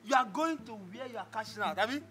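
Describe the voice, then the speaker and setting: A man's voice: high voice, expressive, fast. A man with a Nigerian accent playing an arrogant, blustering police officer who bullies and repeats himself. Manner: loud, bullying, repeats himself. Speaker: comedy skit actor.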